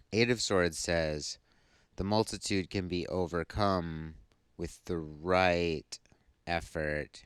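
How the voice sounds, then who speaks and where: A sleepy man talks through a tarot reading in a very low, smooth voice. He takes his time, pausing often as he works out what each card means. The sound is dry and close. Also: no room sound. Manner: slow, thoughtful explaining. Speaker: tarot reader.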